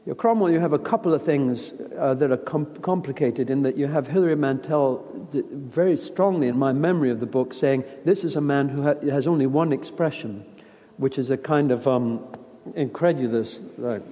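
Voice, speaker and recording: Reflective man with a mellow voice. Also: medium pitch, normal speed, long reverb tail. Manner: reflective, rambling, frequent restarts. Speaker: actor. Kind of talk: casual interview talk.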